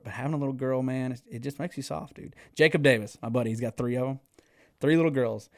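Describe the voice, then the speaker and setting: A man, telling stories as a podcast guest in an animated way, swearing freely and laughing often. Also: medium pitch, quick pace, no echo, clean studio sound. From Texas. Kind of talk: casual storytelling.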